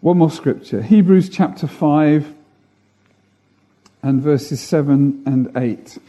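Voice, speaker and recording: A man's voice: fairly high pitch, slow, dark tone. A man preaching a sermon, earnest, building emphasis through repeated phrases.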